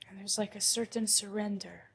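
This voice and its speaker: A woman's voice: mid-range voice, fairly even intonation, normal speed, gravelly, a bit bright, a little hiss or hum. A young adult woman speaking as a podcast guest, candid and emotional, acting out her own inner thoughts aloud.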